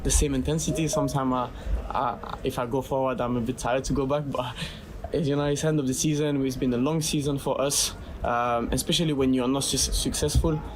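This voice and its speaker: A man's voice: mid-range voice, steady tone, a little fast, background noise. A man speaking English as a second language, a professional footballer giving a hesitant post-match interview. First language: not English. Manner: hesitant, restarts sentences.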